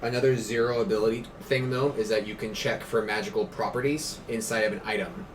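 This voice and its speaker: A man's voice: on the low side, fairly even intonation, brisk. A young man narrating as game master of a tabletop game, laid-back and laughing between rulings. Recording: distant mic with clear background noise.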